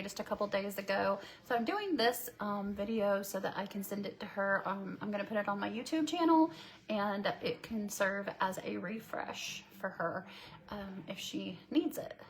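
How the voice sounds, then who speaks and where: A woman's voice: medium pitch, fairly bright tone, a little hiss or hum. A woman running a live-streamed makeup tutorial from her home, talking in a chatty conversational way with frequent fillers. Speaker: makeup instructor. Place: home with construction going on.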